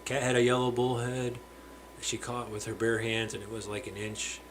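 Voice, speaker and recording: A man hosts a relaxed live stream from a home fish room, talking at a middling pitch. He chats loosely and greets viewers by name, and he sometimes trips over his words. A faint background hum runs under his voice. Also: normal speed, rough recording. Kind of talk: casual live stream chat.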